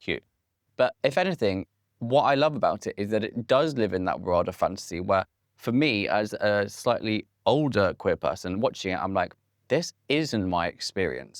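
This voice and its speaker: A man's voice: lowish voice, no room sound, studio quality. A man in his late twenties hosting a comedic monologue with camp, playful, theatrical asides. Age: late 20s. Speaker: host.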